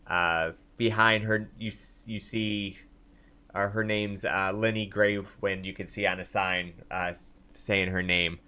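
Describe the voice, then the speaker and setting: A man narrating a tabletop game as dungeon master in a casual, halting way with many fillers. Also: fairly low pitch, steady tone, pushed and bright, clear, resonant tone.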